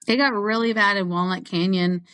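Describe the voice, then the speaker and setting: A woman's voice: medium pitch, steady tone, a little fast, fairly bright tone, smooth. A woman who is a guest on an interview show, telling stories in a chatty way and laughing often. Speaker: guest ultrarunner. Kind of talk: casual interview chat.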